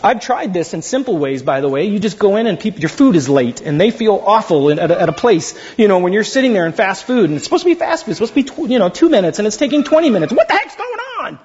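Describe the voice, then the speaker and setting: A man preaching a sermon as pastor, animated and jokey, acting out little asides to the congregation. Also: high voice, quick pace, few pauses, highs cut off, slight background noise.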